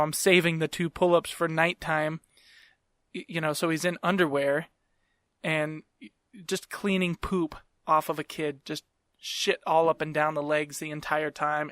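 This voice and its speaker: Brief: young man, slightly high voice, swearing casual storyteller, dry close mic. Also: fairly bright tone, clean tone, dry recording. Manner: profane, rambling, self-mocking. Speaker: podcast host.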